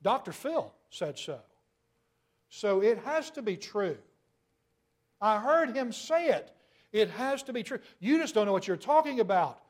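A man's voice: sits high, lively intonation, moderate pace, long pauses. A man preaching a sermon, firing off rhetorical questions and pushing hard on key words. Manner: rhetorical questions, emphatic rises in volume.

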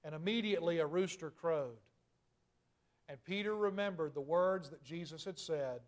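A man preaching a sermon, reading scripture aloud and explaining it earnestly, growing louder and higher at emphatic moments. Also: normal speed. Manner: rises in pitch and volume at emphatic points.

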